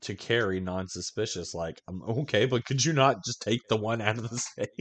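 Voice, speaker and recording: A podcast co-host with a lowish, fairly bright voice talks at a normal speed with fairly even intonation. In casual conversation he swears often and tells meandering stories, laughing frequently.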